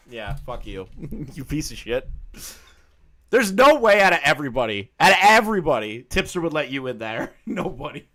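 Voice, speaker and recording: A man commenting casually on a live stream, excitable and mocking, with bursts of shouting. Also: mid-range voice, moderate pace.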